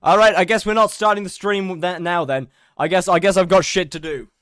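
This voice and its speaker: Young male streamer, high pitch, casual self-mocking chat with viewers. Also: brisk, a bit bright, clean tone, no echo, studio quality. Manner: chatty, greets chat by name, self-mocking. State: out of breath.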